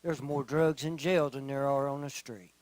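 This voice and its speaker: A middle-aged man giving a personal testimony in church, telling his story slowly and earnestly, often dropping to a quiet voice. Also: mid-range voice, steady tone, dry recording, poor audio. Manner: slow, earnest storytelling with quiet, soft-spoken stretches. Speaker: testimony speaker.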